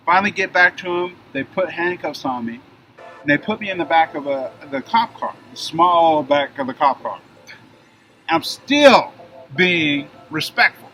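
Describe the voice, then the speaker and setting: Animated man with a bright voice. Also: fairly high pitch, unhurried, a little hiss or hum. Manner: animated retelling, acting out shouted dialogue. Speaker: guest telling his story. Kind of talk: casual conversational storytelling.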